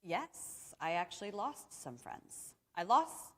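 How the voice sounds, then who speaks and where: A woman's voice: medium pitch, very animated, slow, long reverb tail. A woman in her thirties speaking earnestly and reflectively in a conversational interview. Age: 30s. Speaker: interviewee, cancer survivor.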